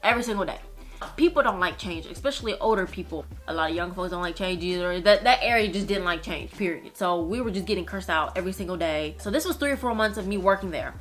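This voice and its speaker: A woman's voice: fairly low pitch, lively intonation, quick pace, faint music behind. A young woman from Minnesota telling casual story-time tales from her work as a nail technician, blunt and frank, with plenty of swearing. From United States (Minnesota).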